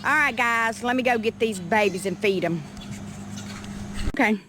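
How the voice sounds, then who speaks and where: A woman's voice: on the high side, moderate pace, background noise. A woman, giving a chatty walking vlog around her farm. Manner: chatty, calls out loudly to animals. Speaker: homestead vlogger. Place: outdoors on a farm by goat pens. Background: goats bleating.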